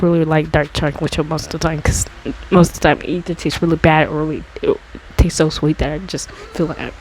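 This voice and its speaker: A woman's voice: slight background noise, low-quality recording. Rambling woman telling a storytime tale. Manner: rambling, full of fillers and restarts; gets high and excited when retelling dramatic moments. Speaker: storytime vlogger. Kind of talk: casual storytime monologue.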